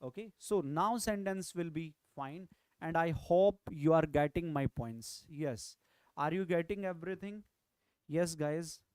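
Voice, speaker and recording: Speaking unhurriedly in a fairly high, darkish, clean voice, a man with an Indian English accent delivers an online exam-prep lecture on vocabulary. The recording is dry, and he often repeats key phrases and asks "right?" to check understanding.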